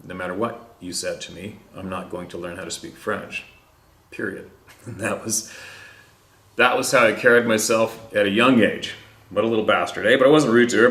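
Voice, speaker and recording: Canadian male host, very low voice, laid-back and rambling, roomy echo; casual storytelling. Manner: relaxed, rambling, drops "eh" and laughs. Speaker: podcast host.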